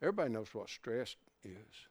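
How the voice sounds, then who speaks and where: An older man preaching a sermon in a folksy way, swinging from hushed asides to loud shouts. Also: on the low side, big pitch swings, brisk, dry recording.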